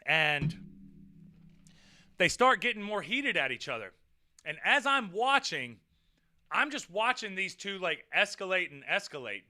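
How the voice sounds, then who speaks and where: A man's voice: sits high, big pitch swings, a little slow, long pauses, pushed and bright. A man casually telling a personal story, rambling and repeating himself, with frequent swearing. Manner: rambling, repetitive and profane. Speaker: vlog host.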